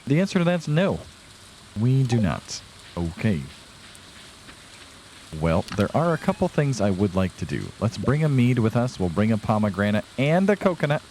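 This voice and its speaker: A man's voice: medium pitch, big pitch swings, moderate pace, darkish tone, a little hiss or hum. A young man casually commenting on his farming game to viewers, chatty and self-deprecating, a bit tired and yawning. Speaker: let's play host.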